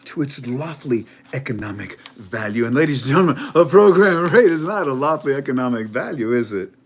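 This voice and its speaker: A man delivering a dramatic commentary monologue with a husky edge. His pitch swings widely as he presses his points, and he restarts his words often. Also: lively intonation, fairly quick. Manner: dramatic, emphatic, stammering restarts. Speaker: online currency commentator. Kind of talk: animated monologue.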